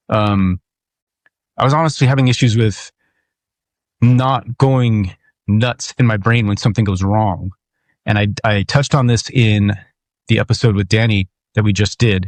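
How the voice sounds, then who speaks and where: A man's voice: on the low side, no room sound. A man in his thirties or forties hosting his own podcast, talking candidly and rambling with profanity and restarts. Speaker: podcast host. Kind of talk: casual solo monologue.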